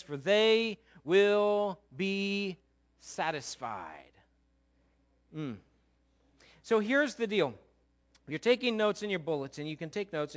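His voice sits on the high side and sounds a bit bright as this middle-aged man gives a sermon in a church sanctuary. He keeps things conversational, joking with the congregation and checking in on them.

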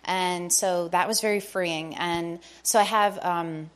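A woman's voice: fairly low pitch, steady tone, takes it slowly. A middle-aged woman telling a personal faith testimony to a congregation, eager and storytelling, acting out the dialogue she recounts. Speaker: church member sharing testimony.

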